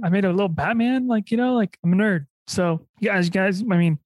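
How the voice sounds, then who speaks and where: A young woman hosting a podcast in a casual chat, rambling and halting with many fillers and restarts. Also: mid-range voice, darkish tone, no room sound. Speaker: podcast host.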